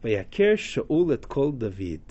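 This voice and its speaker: A man's voice: mid-range voice, very animated, a little slow, dark tone, husky. A man teaching a text study class, reading Hebrew verses aloud and translating them dramatically. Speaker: Torah teacher. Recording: dull lo-fi class recording.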